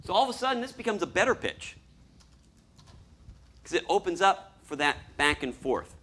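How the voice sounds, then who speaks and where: A man giving a lively talk to an audience as a storyboard artist, acting out scenes as he explains them. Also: high voice, normal speed. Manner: animated, acts out scenes and voices.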